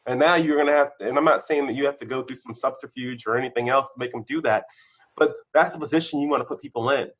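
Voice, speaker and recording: A man, a guest on a podcast, telling candid stories about his career, his voice shooting up when excited and dropping low when reflective. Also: fast. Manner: animated storyteller, bursts of excitement, then drops low. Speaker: podcast guest, senior engineer. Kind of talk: candid conversational interview.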